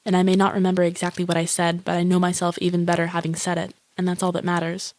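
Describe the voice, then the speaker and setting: An actress plays a lonely, grandiose young woman musing in a flat, deadpan inner-monologue voice-over. Her voice is a touch low and barely rises or falls, and it sits close and dry. She swears casually and sounds self-absorbed. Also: fast, no room sound, natural voice. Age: young adult.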